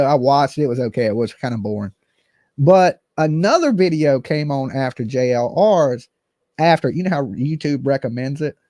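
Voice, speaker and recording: A man's voice: on the high side, warm tone, no room sound, clean studio sound. A man hosting a casual commentary stream, blunt and rambling, swearing freely. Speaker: channel host.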